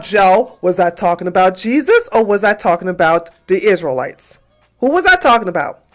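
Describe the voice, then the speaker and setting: A woman's voice: medium pitch, sing-song, normal speed. A woman hosting a livestream, ranting at her chat in a combative, profane, taunting way and hammering the same questions over and over. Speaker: livestream host. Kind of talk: heated livestream rant to chat.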